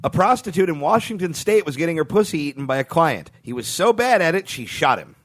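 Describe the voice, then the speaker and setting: A man co-hosts a comedy podcast, setting up quiz stories and tossing off deadpan quips. His voice runs a little high and swings widely in pitch as he talks. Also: fairly quick.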